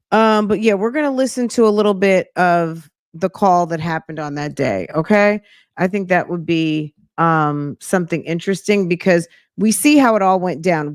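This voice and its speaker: A woman's voice: fairly low pitch, smooth, no room sound, clean studio sound. A woman hosting a commentary channel, talking casually to her viewers in a chatty, rambling way with many ums and restarts.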